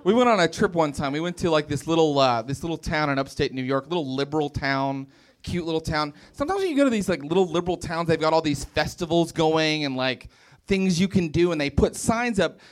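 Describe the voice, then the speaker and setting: A stand-up comedian from West Virginia works a comedy club crowd in a rambling, self-deprecating set. His voice sits high and swings widely in pitch, and he drops into playful put-on voices for his bits. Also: animated, brisk.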